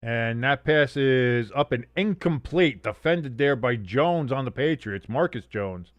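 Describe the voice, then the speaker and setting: A male stream host giving casual play-by-play with plenty of jokes and the odd curse. His voice is lively and moves up and down a lot. The sound is dry and close, with no room echo. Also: mid-range voice, measured pace, muffled recording. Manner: joking, profane, animated. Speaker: livestream host doing play-by-play.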